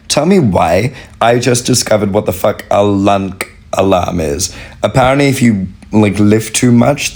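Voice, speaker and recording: A man ranting to his phone camera in a bemused, sarcastic way, swearing as he goes. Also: on the low side. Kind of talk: casual rant to camera.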